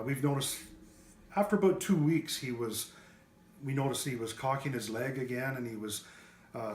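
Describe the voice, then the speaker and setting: A man giving an unscripted testimonial about his pet, talking in a halting way with many fillers and restarts. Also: mid-range voice, a little hiss or hum. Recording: roomy echo.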